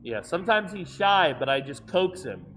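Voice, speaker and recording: A man chatting casually while playing a game with a friend, making teasing deadpan jokes. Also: high-pitched, normal speed, slight background noise. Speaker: co-player, veteran gamer. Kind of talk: casual gaming chat.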